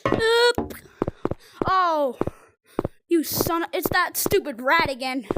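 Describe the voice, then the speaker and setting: A young woman streaming a VR game, giving excitable play-by-play commentary to her chat and a friend, often shrieking, laughing and trash-talking. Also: sits high, slow, heavy background noise. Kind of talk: live gameplay commentary.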